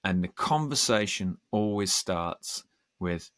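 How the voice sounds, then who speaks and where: A man's voice: deep voice, a bit bright, no echo, studio quality. A man, a podcast guest telling earnest stories in casual conversation. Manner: earnest, storytelling, quick bursts. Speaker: podcast guest, band singer.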